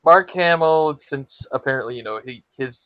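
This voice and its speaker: A man's voice: medium pitch, no echo. Man on a dry, dull web-call line. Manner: quick, joking interjections. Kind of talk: casual panel chat.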